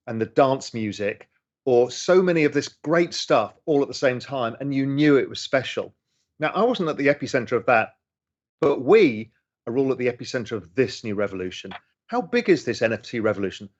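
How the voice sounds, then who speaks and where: A middle-aged man, chatting enthusiastically as he reads and answers chat questions on a casual livestream. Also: mid-range voice. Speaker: host answering audience questions. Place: home room. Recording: slightly dull lo-fi stream audio.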